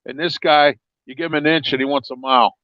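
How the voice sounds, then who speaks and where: A man on a sports talk panel, speaking haltingly and leaning on folksy sayings. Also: medium pitch, fairly even intonation, dry recording, highs cut off.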